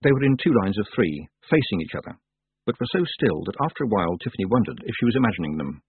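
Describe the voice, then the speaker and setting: A man reading a fantasy story aloud as narrator, in a lively, expressive way. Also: lowish voice, fast, slightly rough, no echo. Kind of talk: audiobook reading. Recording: tinny phone-like dry sound.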